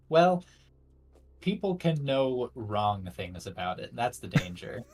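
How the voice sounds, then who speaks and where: A man's voice: medium pitch, big pitch swings, slow pace, darkish tone, husky. A young man, a university student, chatting casually with dry humor. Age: young adult. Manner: wry, dry-humored, laughs often. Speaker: university student, guest on stream. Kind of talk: casual chat.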